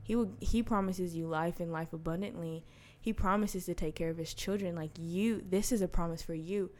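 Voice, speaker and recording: A young woman in casual conversation, telling a story with frequent laughs and lively quoted voices. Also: fairly low pitch, normal speed. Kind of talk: casual chat.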